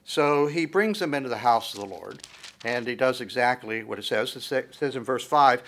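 Man preaching with animated storytelling. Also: medium pitch, normal speed. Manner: animated storytelling, reads scripture aloud with rising emphasis; frequent fillers and asides. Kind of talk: sermon.

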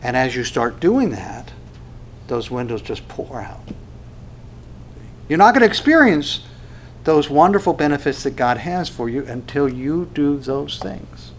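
A man preaching a sermon, animated, acting out quoted dialogue with frequent restarts. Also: medium pitch, a little slow, a little hiss or hum. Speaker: pastor.

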